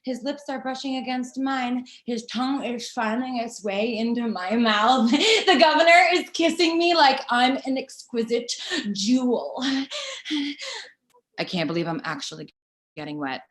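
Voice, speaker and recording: A woman performing a comic monologue as a woman daydreaming during a briefing, in a breathy, confessional tone over a video call from home. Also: a little high, lively intonation, a little slow. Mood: confessional, dreamy.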